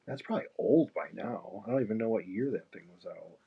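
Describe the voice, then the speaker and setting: A man's voice: lowish voice, lively intonation, a little fast, gravelly, slightly rough. A man chatting casually and rambling while he paints on a live stream, laughing now and then. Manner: rambling, easygoing, laughs often. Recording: muffled lo-fi stream mic.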